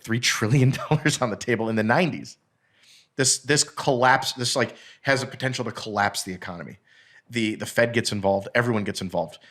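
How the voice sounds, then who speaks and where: Low-voiced man telling a rambling story. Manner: rambling, animated, profane, many fillers and restarts. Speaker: podcast guest. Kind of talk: casual storytelling chat.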